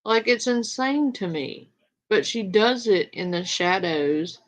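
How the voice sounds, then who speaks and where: A woman's voice: mid-range voice, lively intonation, takes it slowly. A woman talking to camera in a casual, sarcastic, dismissive way, as an online content creator. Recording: dull lo-fi clip audio.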